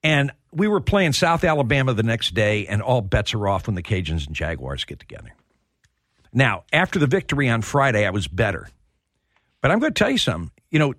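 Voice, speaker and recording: A man hosting a sports radio show, telling stories in a heartfelt, halting way. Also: medium pitch, a bit bright, no room sound, studio quality. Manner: storytelling, emotional, repeats words when starting. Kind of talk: casual sports talk.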